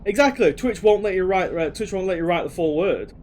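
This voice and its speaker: A man's voice: high-pitched, expressive, fairly quick, a little mellow, a little hiss or hum. Chatty British man streaming a game. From Britain. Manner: chatty, rambling, reads chat aloud. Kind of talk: casual gaming commentary.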